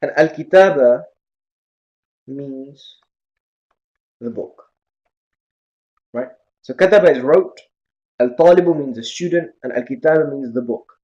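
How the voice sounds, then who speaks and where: A man teaching an Arabic grammar class, lecturing in a lively way and often checking in with his students. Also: medium pitch, moderate pace, pauses often, muffled recording. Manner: lively, asks many questions.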